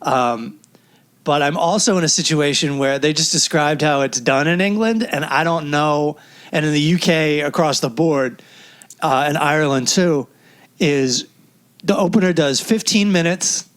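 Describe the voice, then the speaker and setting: A man hosting a comedy podcast with a slightly high voice, talking in a loose, chatty way. He swears freely and laughs often as he tells stories. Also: unhurried, a bit bright, clean tone. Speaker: podcast co-host; stand-up comedian. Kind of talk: casual chat.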